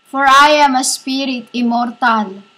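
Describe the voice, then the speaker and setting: A woman giving a rambling spiritual monologue as a self-styled preacher, halting and repetitive, often calling her listeners "women". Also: high-pitched, bright, forceful tone, low-quality recording.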